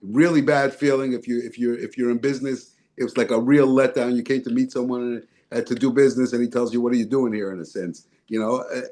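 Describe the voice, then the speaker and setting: A man of middle pitch tells a long personal story as a guest speaker. He shifts into the voices of the people he quotes, sometimes jumping much higher for a surprised judge. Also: steady tone, fast talker, hardly any pauses, warm tone. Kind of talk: storytelling talk.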